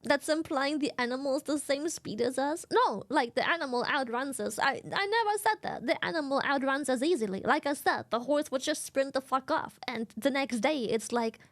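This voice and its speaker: A woman streamer in casual live-stream chat, animated and giggly, swearing freely. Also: high-pitched, normal speed, few pauses.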